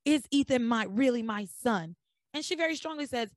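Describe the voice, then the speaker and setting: A young woman hosts a casual podcast, animatedly retelling soap scenes and dropping into lower voices for the characters. Her voice sits a little high. The recording is close and dry. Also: quick pace, no echo. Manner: animated storyteller acting out dialogue in lowered voices. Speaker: podcast host recapping a soap opera. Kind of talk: casual chat.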